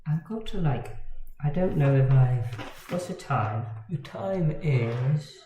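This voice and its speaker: A man's voice: medium pitch, animated, takes it slowly, mellow. Rambling, swearing man in a roomy room. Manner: rambling, swears casually, self-deprecating. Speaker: miniatures hobbyist streamer. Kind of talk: casual rambling livestream chat while drawing. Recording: roomy, dull lo-fi with faint noise.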